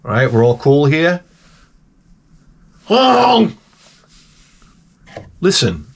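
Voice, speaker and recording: Man vlogger, slightly high voice, ranting comedy bits, exasperated and crude. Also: big pitch swings, drawn-out words, slightly rough. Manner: profane, exasperated, rambling with restarts. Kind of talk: comedic storytelling rant.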